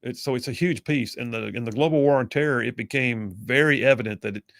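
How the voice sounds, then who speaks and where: A man hosting a talk radio show, energetic and folksy. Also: medium pitch, fast talker, dry recording, clean studio sound. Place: radio studio.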